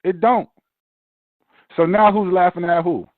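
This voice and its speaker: Heated new dude going off, sounds like a phone line, real dry. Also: male voice, high voice, a little slow, dry recording. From Brooklyn, New York. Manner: profane, animated ranting. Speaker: podcast host. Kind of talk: casual chat.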